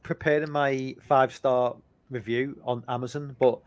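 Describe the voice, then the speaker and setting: A man's voice: medium pitch, steady tone, normal speed, dry recording. A man co-hosting a casual movie chat stream, rambling and swearing freely with lots of restarts. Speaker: podcast co-host.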